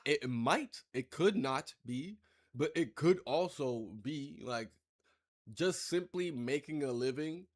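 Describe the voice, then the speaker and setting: A man talking over a game he is playing, loose and unscripted. He rambles, swears freely and slides into sarcasm, his voice sitting at an ordinary middle pitch. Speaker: gameplay commentator. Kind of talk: casual let's-play commentary.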